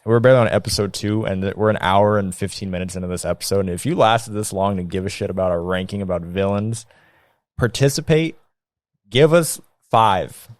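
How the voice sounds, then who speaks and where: A man co-hosting a casual podcast, animated and joking as he thinks aloud. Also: fairly low pitch, a little fast, no echo, clean studio sound. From United States. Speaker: podcast co-host. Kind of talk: casual chat.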